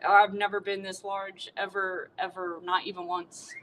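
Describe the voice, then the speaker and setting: A woman's voice: medium pitch, flat delivery, measured pace, a bit bright, a little hiss or hum, natural voice, rough recording. A woman voicing an earnest, polite male cowboy who uses folksy exclamations.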